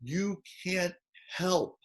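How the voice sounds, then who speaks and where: A man hosting a casual conversation, telling lively stories and acting out the people in them. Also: sits high, extremely slow. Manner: animated storyteller, acts out quoted voices. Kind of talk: casual chat.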